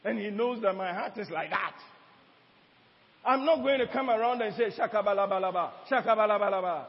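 A man's voice: high voice, expressive, moderate pace, vocal fry. A man preaching a sermon as pastor, mixing teaching with asides to the congregation. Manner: preaching with call-and-response asides and laughter. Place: church hall. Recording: dull sound with long hall reverb.

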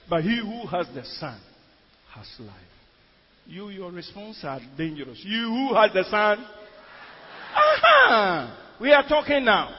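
A man from Ghana preaching a sermon as pastor, moving from quiet storytelling to shouted declarations. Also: on the high side, expressive, measured pace, husky. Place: church sanctuary. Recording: dull recording in a long-reverb church hall.

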